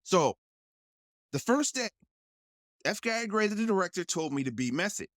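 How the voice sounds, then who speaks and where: This guest actor has a high-sitting male voice and speaks at a normal speed, recorded with studio quality and no echo. Telling a story in casual chat, he's animated, laughs often, and acts out the voices he quotes.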